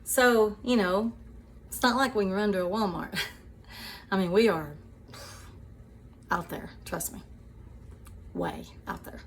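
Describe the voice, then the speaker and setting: A woman hosting her own show, telling a personal story to her viewers in a chatty, animated way, often laughing and calling them sweeties. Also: medium pitch, slow, pauses often, a little hiss or hum. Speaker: show host.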